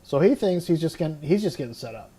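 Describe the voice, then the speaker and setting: This podcast host reads scripture aloud in a casual Bible study talk, then muses on it with lots of fillers and restarts, admitting when he's unsure of a pronunciation. His voice is fairly high and warm with a breathy edge. He's animated and talks fast.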